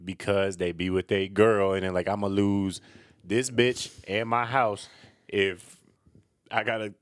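A man with a deep, low voice co-hosting a podcast, talking in loose, playful banter and teasing his partner. The recording is dry and close, with no room sound. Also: little pitch movement, unhurried, clear, resonant tone, dry recording. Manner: teasing, playful, laughs often. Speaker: podcast co-host. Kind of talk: casual chat.

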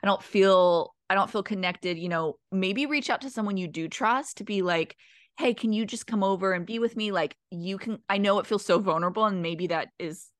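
A woman's voice: medium pitch, moderate pace, dry recording, clean studio sound. A mother hosting a podcast, speaking in an effusive, encouraging way to her guest and listeners. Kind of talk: casual podcast conversation.

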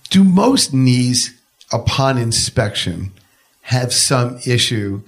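A man's voice: medium pitch, very animated, slow. A man hosting an interview, asking short questions and adding quips. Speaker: host.

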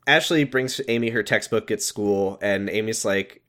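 A man's voice: fairly low pitch, normal speed, bright, forceful tone. Sarcastic rambling male podcast co-host. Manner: rambling, sarcastic, full of fillers. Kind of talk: casual recap chat.

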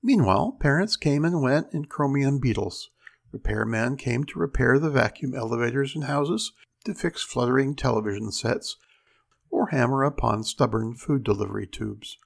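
A man hosting a reading show, introducing pieces and reading a story aloud with expressive delivery. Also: medium pitch, normal speed, gravelly. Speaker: host and reader.

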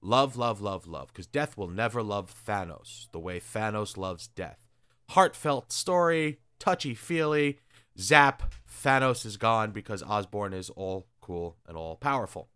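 A man hosting a casual chat, retelling stories in an animated, sarcastic way with crude asides. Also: fairly low pitch, measured pace, smooth, dry recording. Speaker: podcast host reviewing comics.

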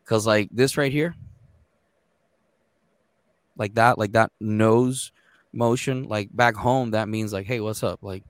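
A man in his thirties talks about his work as a court interpreter in loose, animated podcast chat, swearing freely. His voice sits low. The sound is dry and close, with no room around it. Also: slow pace, pauses often, smooth, no echo. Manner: profane, animated storytelling.

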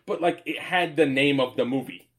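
A man's voice: fairly high pitch, normal speed, a bit bright. A man telling stories in casual chat, rambling and swearing freely, laughing often.

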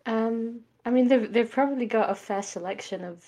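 A woman running a tabletop game as game master, relaxed and thinking aloud as she makes rulings. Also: a little high, normal speed.

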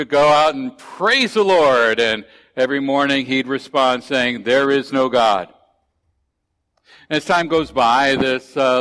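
Pastor preaching in a reverberant hall. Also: male voice, mid-range voice, fairly bright tone. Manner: folksy storytelling with fillers and restarts. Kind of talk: sermon. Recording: long church hall reverb.

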